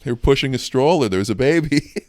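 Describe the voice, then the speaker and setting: A young man co-hosting a casual comedy podcast, delivering provocative jokes in a deadpan way. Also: medium pitch, fast, no echo, studio quality. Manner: deadpan, provocative shock humor with frequent laughs. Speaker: podcast co-host.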